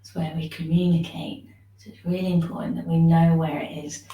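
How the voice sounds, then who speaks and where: A woman teaching a shiatsu class, giving gentle, soothing step-by-step instructions for self-massage. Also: low voice, level tone, a little fast, roomy sound, recorded from a distance, rough recording. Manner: gentle, soothing instructions, yawning now and then.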